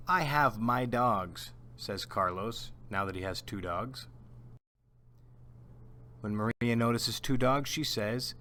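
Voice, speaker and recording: A male language teacher delivers a scripted lesson at an unhurried pace. He drills each word twice so that learners can repeat after him. His voice sits in an ordinary middle pitch. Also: pushed and bright. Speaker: Spanish teacher.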